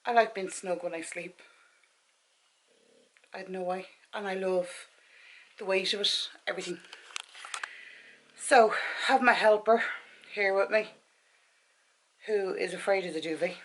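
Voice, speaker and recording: A woman's voice: mid-range voice, measured pace, long pauses, a little hiss or hum. A woman in her forties with an Irish accent, chatting to camera in her bedroom at night, out of breath and tired, rambling and correcting herself as she goes. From Ireland. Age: 40s. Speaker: vlogger. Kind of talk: casual chat to camera.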